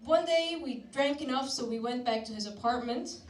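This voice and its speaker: A young woman from Syria doing a crude, deadpan stand-up comedy set on a club stage, slipping into mocking put-on voices. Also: sits high, moderate pace. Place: comedy club stage before a live audience. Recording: roomy club sound from a distance, loud crowd laughter.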